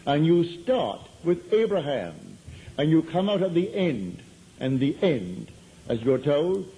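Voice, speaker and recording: A man lecturing a live audience on metaphysics tells his stories conversationally, pressing his points through repetition. His voice is on the high side, dark-toned and slightly rough, and the recording quality is low.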